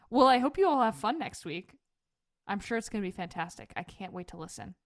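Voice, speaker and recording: A woman's voice: mid-range voice, lively intonation, moderate pace, no echo, clean studio sound. A woman hosting a podcast, chatting casually and laughing often. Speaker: podcast host. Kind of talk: casual chat.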